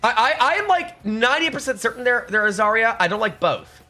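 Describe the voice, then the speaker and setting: A young man hosts a live stream, reading comments and joking sarcastically with his chat. His voice sits high and swings widely, tripping over restarts as he talks. Soft music plays faintly under him. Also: sing-song, fairly quick.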